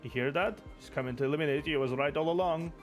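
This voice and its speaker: A man reading the lines of a smug, scheming male manager who loudly taunts the others. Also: medium pitch, fairly even intonation, fast, close to an everyday voice. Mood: gloating. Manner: loud gloating taunts. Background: background game music.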